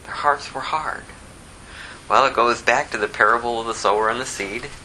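A man preaching a conversational sermon, asking rhetorical questions and dropping low to act out quotes. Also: moderate pace, bright, forceful tone, slight background noise, low-quality recording. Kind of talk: expository sermon.

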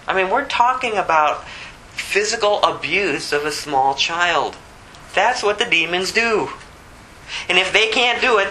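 A man preaching an expository sermon, shifting between low scripture reading and high, pleading acted prayers, with a conversational delivery full of asides. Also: bright, forceful tone, slight background noise, poor audio.

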